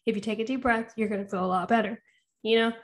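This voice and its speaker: A woman's voice: fairly high pitch, steady tone, quick pace. A woman talking casually on a podcast about parenting, chatty, with frequent laughs and asides. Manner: chatty, laughs often, lots of "you know". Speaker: podcast co-host. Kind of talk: casual chat.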